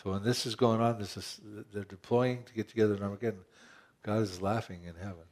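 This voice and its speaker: A man's voice: on the low side, steady tone, quick pace, darkish tone. A man pastor preaching a conversational sermon, asking rhetorical questions and often restarting his phrases.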